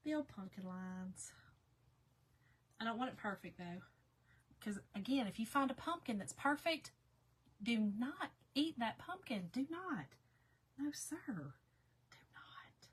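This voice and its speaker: A woman hosting a casual live painting chat, reading out viewer comments in a folksy way, her voice going hoarse. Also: on the high side, expressive, unhurried, long pauses. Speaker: crafting livestream host.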